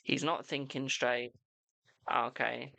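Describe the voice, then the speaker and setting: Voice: mid-range voice, flat delivery, slow pace, vocal fry, pushed and bright, no echo. A tarot reader hosting a casual livestream, chatty and informal, talking straight to the viewers while sounding tired. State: tired, yawning.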